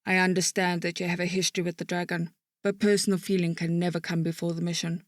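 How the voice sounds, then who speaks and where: A man's voice: high-pitched, level tone, quick pace, no room sound, studio quality, pitched above the performer's own voice, lightly acted. A man voicing a stern, commanding female military lieutenant in an audiobook, speaking in a clipped, authoritative way. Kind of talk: audiobook narration.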